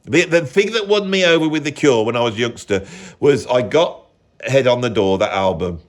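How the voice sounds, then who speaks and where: A man's voice: medium pitch, lively intonation, normal speed. A middle-aged British man, a musician, ranting in a blunt, sarcastic, rambling way. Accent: British English. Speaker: musician and vlogger. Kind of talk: opinionated rant.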